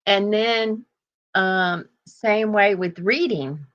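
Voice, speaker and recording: Older woman, chatty host, slow unhurried delivery, bright forceful tone, rambling casual talk. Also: mid-range voice, highs cut off. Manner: chatty, rambling, laughs often. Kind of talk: casual chat.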